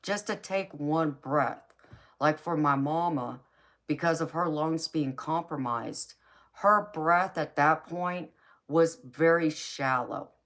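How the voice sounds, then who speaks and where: A woman's voice: low voice, slow pace, fairly bright tone. A woman hosting a tarot livestream, telling a personal story in an earnest, emotional way, often stumbling over repeated starts. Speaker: tarot reader hosting a live stream.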